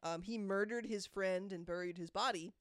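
A woman's voice: mid-range voice, moderate pace, dry recording, clean studio sound. A woman hosting a trivia segment on a podcast, reading questions in a wry, teasing way. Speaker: quiz host.

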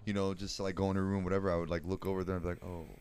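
A man's voice: low-pitched, flat delivery, very fast, a little mellow, smooth. A man from Southern California telling rambling stories in casual podcast chat, often restarting his sentences.

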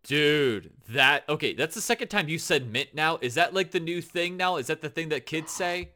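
A man co-hosting a casual podcast, talking in an excitable, animated, teasing way. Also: on the high side, moderate pace. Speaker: podcast co-host. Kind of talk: casual chat.

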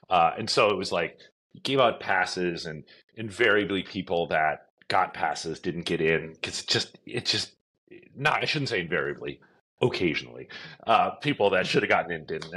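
Middle-aged exec guy, low husky voice, rambly chatty storyteller. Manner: chatty, many fillers, acts out shouted quotes. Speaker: events company CEO, podcast guest. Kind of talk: casual storytelling interview.

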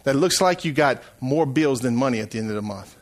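A middle-aged man preaching a sermon as pastor, swinging from hushed asides to loud, shouted calls. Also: medium pitch, animated, brisk.

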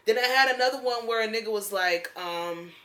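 Woman, blunt and cussing a lot, bright sharp voice, just chatting. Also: fairly high pitch, fairly quick, a little hiss or hum. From North Jersey, USA. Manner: blunt, profane storytelling. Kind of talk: casual chat.

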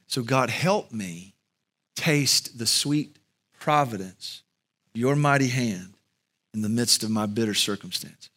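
A male pastor giving an earnest sermon and closing prayer, with slow, emphatic pauses. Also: mid-range voice, expressive, a bit bright.

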